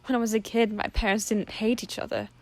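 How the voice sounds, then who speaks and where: A woman's voice: on the high side, flat delivery, a little fast, lightly acted. Woman doing a sobbing teen demon girl. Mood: tearful. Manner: sobbing, pleading, voice breaking. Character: upset teenage demon girl, tearful and hurt.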